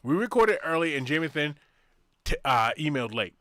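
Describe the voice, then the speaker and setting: A man's voice: on the high side, very animated, fairly quick, fairly bright tone, no echo, clean studio sound. A man co-hosting a casual podcast, reading listener emails aloud with loose, profane jokes. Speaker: podcast co-host.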